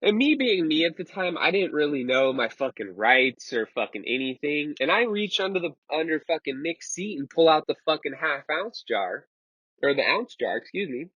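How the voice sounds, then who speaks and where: Husky-voiced young man telling a story. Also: on the high side, big pitch swings, moderate pace, a bit bright, no echo. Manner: rambling and profane, with many fillers. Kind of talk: casual storytime. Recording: dull lo-fi sound.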